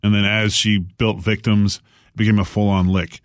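A grave, deep-voiced documentary narrator, as a man puts him on, weighing each phrase slowly and solemnly. The recording is close and dry. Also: little pitch movement, no room sound, lightly acted.

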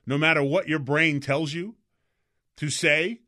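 A man co-hosting a talk show, telling rambling, animated anecdotes in casual chat. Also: fairly high pitch, unhurried, very noisy. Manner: slips into mock voices.

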